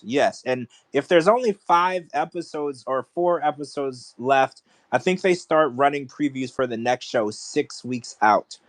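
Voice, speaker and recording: A man's voice: mid-range voice, dry recording. A man co-hosting a podcast, ranting in casual chat with strong opinions. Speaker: podcast co-host.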